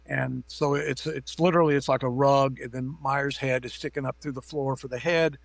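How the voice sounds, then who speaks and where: A man's voice: medium pitch, vocal fry, dry recording. A middle-aged man and makeup effects artist, a guest on a remote call, telling rambling, profane anecdotes full of fillers. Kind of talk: casual interview storytelling.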